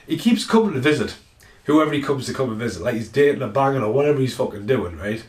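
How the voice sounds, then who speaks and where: A man's voice: medium pitch, animated, fast, darkish tone. A man, talking casually to camera in a rambling, sweary way at home. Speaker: vlogger. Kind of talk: casual ranting vlog. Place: at home indoors. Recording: roomy echo.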